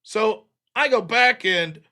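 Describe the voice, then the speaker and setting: Speaking slowly, a man with a high-sitting voice that's pushed and bright tells a long, rambling anecdote on his live streaming show. His chat is casual, profane, and full of fillers.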